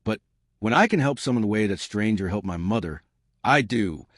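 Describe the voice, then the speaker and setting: A man reading as a calm, guarded crime boss. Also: on the low side, normal speed, no room sound, clean studio sound. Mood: solemn. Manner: quiet, steady, restrained.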